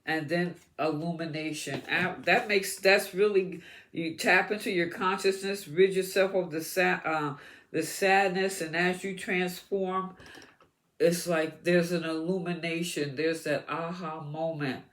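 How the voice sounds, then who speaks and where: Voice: mid-range voice, fairly even intonation, a little slow, a bit bright. A tarot reader giving an astrology reading to the viewer, encouraging and repeating words as the cards come up.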